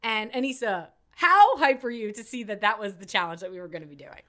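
A woman co-hosting a casual podcast, playful, giddy and quick to laugh. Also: medium pitch, lively intonation, a bit bright. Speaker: podcast co-host.

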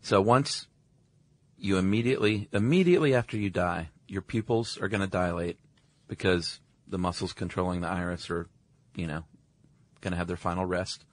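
A man's voice: deep voice, normal speed, no room sound. A man co-hosting a podcast, casually explaining facts with lots of filler words and easy laughs. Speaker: podcast co-host. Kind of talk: casual chat.

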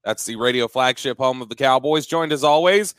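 A man's voice: mid-range voice, brisk, a bit bright, clear, resonant tone, no room sound. Man, sports podcast host, casual joking questions, dry studio sound. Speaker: podcast host, team insider.

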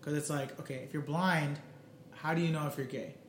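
Male podcast co-host, casual and animated, slightly high voice, roomy echo. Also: a little fast, slight background noise. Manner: animated, swears freely, acts out quotes. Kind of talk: casual chat.

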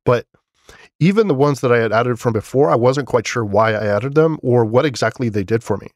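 Solo podcast host, male, mid-pitched, loose and chatty, dry close mic. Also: lively intonation, fairly quick, no echo. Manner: casual, rambling, many fillers and restarts; enthusiastic about his setup.

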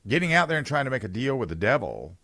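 A man's voice: mid-range voice, sing-song, fast, sharp tone, no echo. A man hosting a political talk radio show, giving opinions in a conversational way and reading listener texts aloud.

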